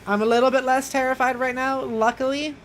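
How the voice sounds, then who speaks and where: A young woman with a fairly high voice, chatting and reacting while she streams a horror game. Her talk is casual and jumpy, with steady background noise in the mix. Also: fairly quick. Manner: chatty and jumpy, talks to chat. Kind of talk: casual gaming commentary.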